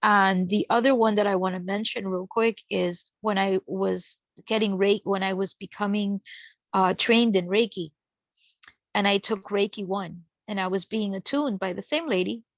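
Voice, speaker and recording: A guest recounts a spiritual experience in a casual, chatty manner, acting out the people she quotes. Her voice is medium-pitched and steady at a normal pace, and the recording sounds dull, dry, and lo-fi.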